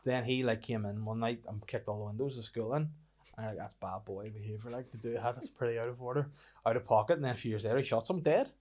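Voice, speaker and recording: A man's voice: mid-range voice, fast. A young man with a Northern Irish accent hosting a podcast, telling stories in casual chat with plenty of swearing. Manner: swearing, animated storytelling. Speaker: podcast host.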